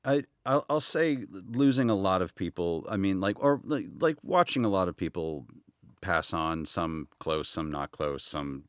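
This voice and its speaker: Brief: man, podcast co-host; very low, smooth voice, dry close mic, supportive with wry asides. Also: expressive, unhurried, no room sound. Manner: supportive listener with dry quips. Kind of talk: casual chat.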